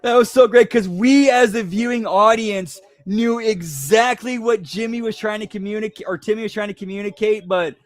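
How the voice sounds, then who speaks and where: A man's voice: high voice, normal speed, hardly any pauses, no room sound. A man hosting a casual stream chat, rambling and swearing, correcting himself as he goes. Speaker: stream host.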